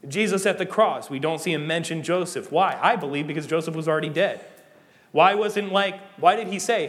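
A young man preaching a sermon in a lively, conversational way, rising to emphatic peaks. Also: fairly high pitch, fairly quick. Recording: long hall reverb.

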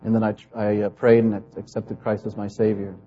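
A man's voice: on the low side, flat delivery, brisk, dark tone, slightly rough, highs cut off. A man preaching, telling a personal testimony and acting out the people in his story. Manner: storytelling, acts out quoted voices. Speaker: pastor.

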